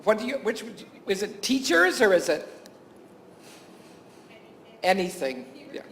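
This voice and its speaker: A high-pitched man speaking at a professional symposium. He tells classroom and camp stories in a loose, anecdotal way, chuckling often and restarting his sentences. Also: very animated, a little slow, a bit bright. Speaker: teacher and camp staff speaker. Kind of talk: conference talk to health professionals.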